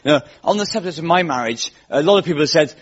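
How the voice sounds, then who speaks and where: A man hosting a live comedy show, delivering a wry, deadpan monologue before an audience. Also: on the high side, fast talker, very noisy. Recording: dull lo-fi live recording with audience laughter.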